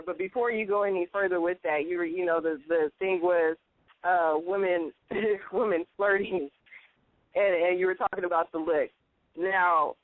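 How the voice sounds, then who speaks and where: A woman co-hosting a casual chat show, telling animated stories and acting out quotes in higher voices. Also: dry recording. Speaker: co-host. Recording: tinny phone-like line, dry.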